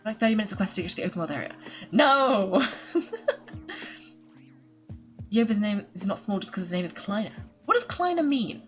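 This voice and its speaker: Giggly woman with a lively voice. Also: mid-range voice, fairly quick, pauses often, faint music behind, low-quality recording. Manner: giggly, chatty and self-mocking. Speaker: gaming channel host. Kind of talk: let's-play commentary, reading game text aloud.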